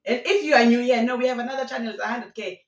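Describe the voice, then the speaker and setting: Animated woman gossiping, roomy. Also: on the high side, rapid-fire, recorded from a distance, highs cut off. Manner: animated storytelling with laughs and local slang. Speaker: YouTube commentator. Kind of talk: casual gossip commentary. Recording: roomy sound from away from the mic.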